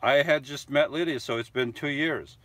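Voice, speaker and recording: A man's voice: mid-range voice, moderate pace, a bit bright, no echo. A middle-aged man chatting casually on a live stream, reading out viewer comments and rambling with fillers and little self-mocking chuckles. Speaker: vlogger hosting a live stream.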